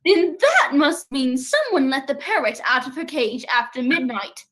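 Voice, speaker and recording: A woman's voice: high voice, sing-song, moderate pace, fairly bright tone, low-quality recording. A woman playing a fussy, pompous male detective in a student stage play, speaking in prim, proper phrases. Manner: prim, posh-sounding phrasing.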